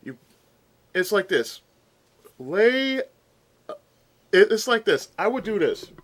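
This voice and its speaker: A man vlogs a casual, exasperated rant, sometimes eating while he talks. His high voice swings widely in pitch and he takes it slowly.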